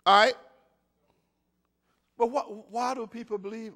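A man preaching a sermon, calling out to his congregation, repeating himself and building up to shouts. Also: very high-pitched, fairly even intonation, a little slow, pauses often. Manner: call-and-response, rising to shouts; repeats words and restarts often.

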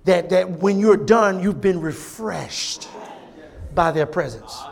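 Fervent high-voiced male pastor preaching. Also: slow pace, vocal fry. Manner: fervent preaching, swinging between loud emphatic repetition and hushed intimacy; folksy, conversational asides to the congregation. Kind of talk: sermon.

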